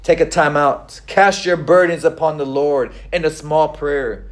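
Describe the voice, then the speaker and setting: A middle-aged man preaching a sermon in a conversational way, with frequent fillers and pauses. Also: on the high side. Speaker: pastor.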